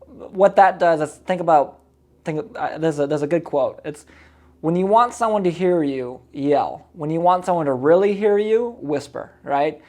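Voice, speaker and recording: Fast-talking man coaching on sales calls. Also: on the high side, darkish tone. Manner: quick, explanatory, repeats himself. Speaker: real estate business coach. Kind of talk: commentary on his own recorded calls.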